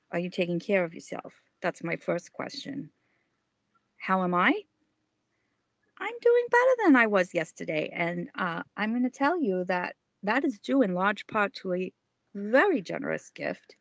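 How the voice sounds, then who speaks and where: Animated, theatrical middle-aged woman vlogging. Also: mid-range voice, vocal fry, no echo. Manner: chatty and theatrical, with many fillers and restarts. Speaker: self-styled advice host. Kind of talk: casual comedic vlog monologue. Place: outdoor lunch spot in a suburb.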